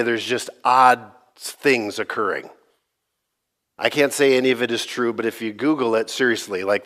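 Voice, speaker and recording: A man, a pastor, giving a sermon in a casual, joking, conversational way, his voice slightly gravelly from allergies. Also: mid-range voice, fairly bright tone.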